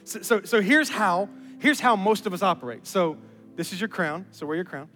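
A man preaching a sermon as pastor, animated and building to emphatic peaks. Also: high-pitched, moderate pace. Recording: reverberant hall with music underneath.

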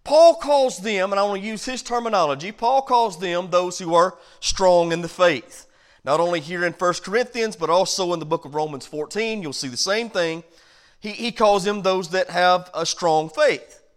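A man, a pastor, teaching a Bible study in a conversational preaching style that rises loud and drops soft. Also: sits high, normal speed, clear, resonant tone. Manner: conversational preaching with big swings in loudness. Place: church.

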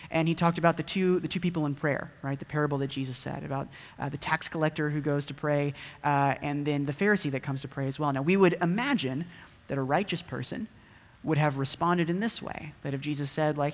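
Brisk and steady, on the high side, this man delivers a conversational, casual sermon in a church hall. The room echoes with long reverb, and he repeatedly turns to his listeners with rhetorical questions.

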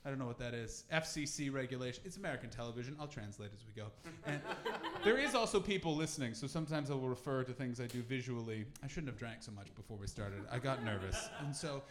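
A Canadian man doing a stand-up comedy set at a London pop-up venue, animated and sweary, with bursts of shouting. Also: mid-range voice, fast talker. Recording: echoey live venue, audience noise.

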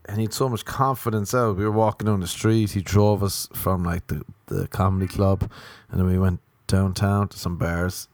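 An Irish man rambling through funny stories in a casual, animated way, swearing freely. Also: low voice, moderate pace, no room sound. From Ireland. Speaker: comedian. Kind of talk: casual comic storytelling.

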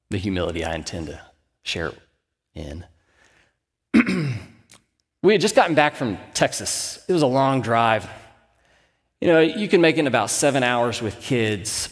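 A man's voice: mid-range voice, big-room sound. A man in his thirties, a pastor, preaching a sermon as a candid, self-deprecating personal story.

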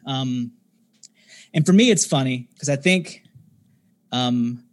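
A man in his thirties, a podcast guest, talking casually in a halting way with many fillers and restarts. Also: mid-range voice. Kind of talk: casual conversation.

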